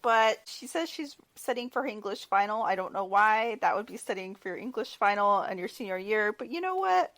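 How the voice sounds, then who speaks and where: Animated, sarcastic woman recapping a movie. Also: medium pitch, a little fast, hardly any pauses. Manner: sarcastic, lively, laughs often. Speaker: podcast co-host. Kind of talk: casual movie recap chat.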